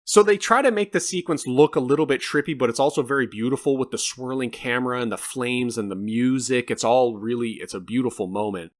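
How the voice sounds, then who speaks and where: A man co-hosting a podcast, chatting casually about a film in an animated, rambling way with some swearing. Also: medium pitch, a little fast, few pauses. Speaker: podcast co-host. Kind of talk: casual film review chat.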